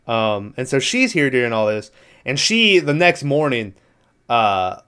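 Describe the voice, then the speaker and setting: A man's voice: medium pitch, very animated, measured pace, pushed and bright, clean tone. Rambling, profane man retelling a movie. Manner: rambling, profane, laughs through his retelling. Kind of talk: casual movie recap chat.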